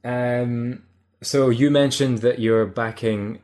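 A man's voice: mid-range voice, steady tone, slow, darkish tone. A man hosting a casual podcast interview, often stumbling and repeating words as he starts a sentence. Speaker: podcast host.

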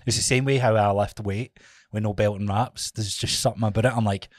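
A man's voice: fairly low pitch, steady tone, brisk, no room sound, studio quality. A Scottish man co-hosting a podcast, telling stories in casual chat and defending himself stubbornly. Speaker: podcast co-host.

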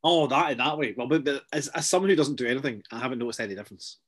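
A man's voice: mid-range voice, fairly bright tone. Chatty sardonic man. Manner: chatty, sardonic, quick asides. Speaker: podcast co-host. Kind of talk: casual chat.

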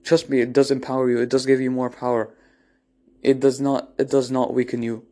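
A man's voice: medium pitch, little pitch movement, fairly quick, warm tone. A man giving an unscripted motivational monologue, earnest and blunt, often restarting and repeating phrases, with casual swearing. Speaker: motivational speaker.

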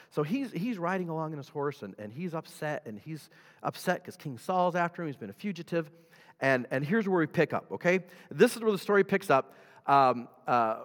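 A man preaches in a loose, conversational way, chuckling and addressing his listeners directly. His fairly high voice swings widely in pitch. Long reverb from a big church hall hangs behind each phrase. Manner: animated, chuckles often, talks directly to the congregation. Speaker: pastor. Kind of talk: conversational sermon.

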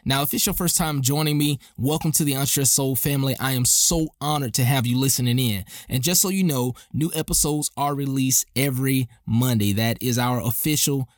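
A man's voice: mid-range voice, a little fast, few pauses, no echo. A man hosting a faith-centered self-help podcast, talking in an upbeat, encouraging way and repeating key lines for emphasis. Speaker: podcast host. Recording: dry close studio sound with faint music.

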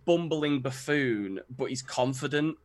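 A young man chatting casually about a film, animated and rambling, laughing often. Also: mid-range voice, unhurried.

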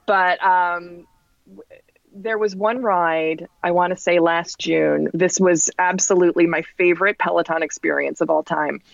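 A woman in her forties from New Jersey tells a story as a podcast guest, with lively, chatty pacing. She shifts her pitch up to act out the people she quotes. The audio is dull and dry, like a lo-fi podcast recording. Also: measured pace, gravelly, no echo. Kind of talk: casual storytelling anecdote.

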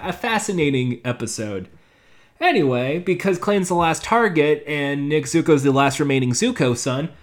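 Rambling man recapping an episode. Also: on the high side. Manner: rambling, with many fillers and restarts. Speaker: show reviewer.

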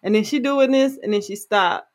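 Slangy, animated woman telling stories. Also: medium pitch, moderate pace. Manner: animated, slangy storyteller addressing listeners. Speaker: podcast co-host. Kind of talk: casual chat, storytelling.

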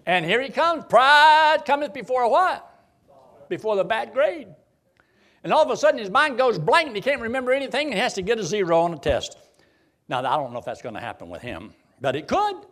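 A man preaching a sermon in a dramatic, folksy style, firing off rhetorical questions. His voice runs high and swings widely, rising and falling for effect. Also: sing-song, fast, fairly bright tone.

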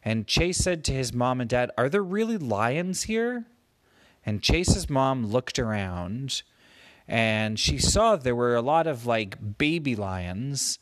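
A man slowly making up a gentle bedtime story for his child, with playful voices for the characters. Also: medium pitch, expressive, no room sound. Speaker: parent telling a bedtime story.

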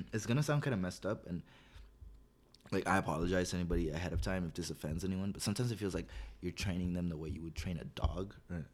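Low-voiced young man telling stories. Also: fast, a little mellow. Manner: rambling storyteller, filler-heavy, acts out quotes. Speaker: school psychologist guest. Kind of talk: casual podcast chat.

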